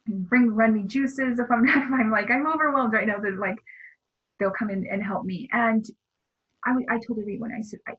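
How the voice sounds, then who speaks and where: Earnest woman guest, halting and restarting, kinda husky, dull lo-fi sound. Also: a little high. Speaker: interview guest. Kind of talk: spiritual interview talk.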